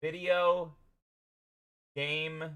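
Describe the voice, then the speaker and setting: A man from Canada hosts a game livestream in a loose, profane, excitable ramble. His voice is smooth and clear, and the sound is dry and close with no room echo. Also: a little high, very slow. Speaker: game streamer host. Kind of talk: casual livestream chat.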